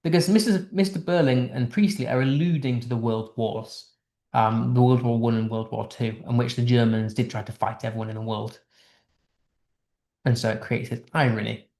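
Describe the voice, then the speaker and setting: Man from the UK, casual literature lesson, chatty explaining, middle pitch, roomy echo. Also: fairly even intonation, moderate pace, darkish tone. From United Kingdom. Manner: chatty, explaining text line by line, with restarts. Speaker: English literature tutor.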